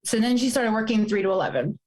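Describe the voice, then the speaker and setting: A woman's voice: a little high, animated, fast, darkish tone, poor audio. A woman in her forties telling a painful personal story, fighting back tears as she speaks. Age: 40s. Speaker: guest.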